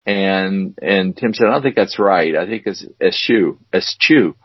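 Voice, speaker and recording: Podcast co-host: man, husky and fairly low, casual and rambling, on a dry, dull recording. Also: moderate pace, dry recording. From United States. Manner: rambling, with many fillers and restarts. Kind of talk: casual chat.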